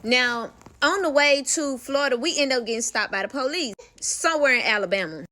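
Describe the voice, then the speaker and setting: A young adult woman telling a personal story in casual storytime style, animated and profane, talking straight to the listener. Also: high-pitched, fairly quick.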